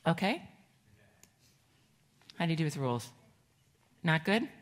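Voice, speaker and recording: A middle-aged woman pastor giving a children's sermon in a church, gentle and conversational, asking the children questions. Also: low voice, very animated, unhurried. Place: church sanctuary.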